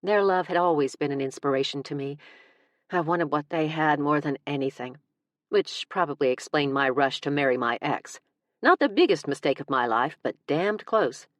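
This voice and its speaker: Brief: woman narrator with a deep voice, wry first-person comic storytelling, dead-dry studio sound. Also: moderate pace, no echo. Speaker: audiobook narrator.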